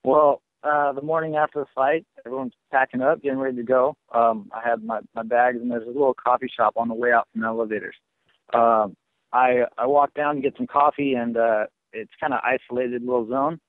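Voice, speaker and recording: A fighter answering press questions on a conference call, halting with lots of fillers, heard over a phone line. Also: male voice, medium pitch, fairly even intonation, dry recording. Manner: halting, many fillers and restarts, dismissive. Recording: tinny dry phone line.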